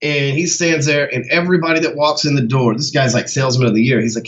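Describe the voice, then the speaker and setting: A man's voice: mid-range voice, steady tone, quick pace, fairly bright tone, highs cut off. A man who coaches sales, giving a casual motivational talk in a blunt, heavily profane way.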